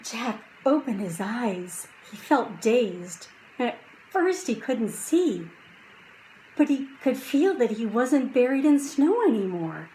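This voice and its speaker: A woman reading a children's chapter book aloud, slow and hushed at quiet moments and lifting her voice for drama. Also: a little high, sing-song, a little hiss or hum, poor audio. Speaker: audiobook reader.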